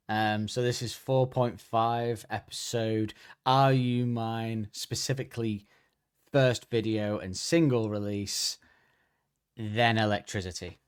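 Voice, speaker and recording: A man hosts a podcast in a smooth, mid-range voice, chatting casually. He rambles and jokes around, frequently cutting himself off mid-sentence.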